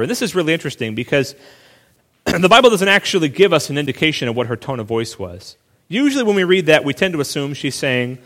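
A male pastor preaching a sermon in a relaxed, conversational way, full of asides and quick restarts. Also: on the high side, in a large hall.

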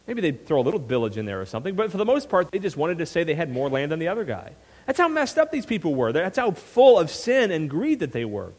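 A man preaching a sermon as pastor, telling the story with animated asides and frequent "right?" checks. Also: on the high side, fast talker, husky. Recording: long reverb of a hall.

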